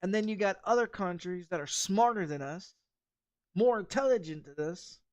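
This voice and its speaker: Caught in an expletive-filled tirade, a game streamer hammers away at the same points with heated repetition. The voice, medium in pitch and slightly mellow, keeps a moderate pace.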